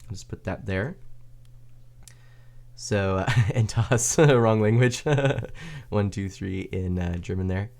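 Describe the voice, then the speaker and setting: A man's voice: on the low side, slow pace, creaky, darkish tone. A man streaming a building game, chatting casually with viewers, chatty and self-deprecating, laughing often. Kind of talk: casual gaming stream chat.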